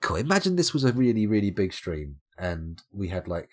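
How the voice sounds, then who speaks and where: Tired, husky man streaming late. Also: lowish voice, very animated, fairly quick. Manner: rambling, self-mocking, chatting to viewers. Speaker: game streamer. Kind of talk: late-night live stream commentary.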